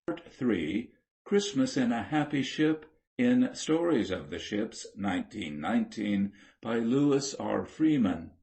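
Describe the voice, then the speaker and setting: A man reading an audiobook sea story aloud in a steady, measured storytelling manner. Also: mid-range voice, vocal fry. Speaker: audiobook reader. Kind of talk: scripted narration.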